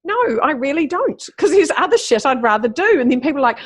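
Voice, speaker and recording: A woman's voice: high-pitched, very animated, fast talker. A middle-aged woman, talking animatedly and swearing freely as a guest over a call. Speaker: podcast guest, keynote speaker. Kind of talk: casual conversation. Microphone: remote call.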